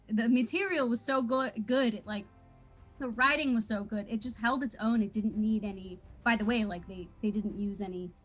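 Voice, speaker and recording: A woman's voice: on the high side, fairly bright tone. A young woman telling a story in a casual interview, bubbly and laughing often, full of fillers. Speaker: voice actor guest.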